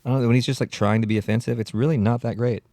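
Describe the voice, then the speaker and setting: A man's voice: medium pitch, fairly even intonation, racing, warm tone, dry recording. A man hosting a solo comedy podcast, ranting in a rambling, profane way and often cutting himself off. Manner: rambling, profane, self-interrupting. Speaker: podcast host.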